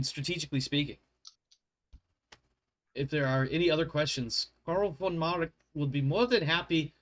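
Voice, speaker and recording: A man's voice: a little high, fairly bright tone. A man narrating as game master of a tabletop role-playing game, rambling and correcting himself and swearing at his slips.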